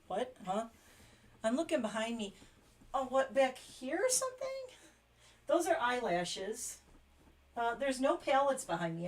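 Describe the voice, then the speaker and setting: Chatty woman livestream host, laughing often. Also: medium pitch. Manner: chatty, laughs often, reads German phrases aloud. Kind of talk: casual livestream chat.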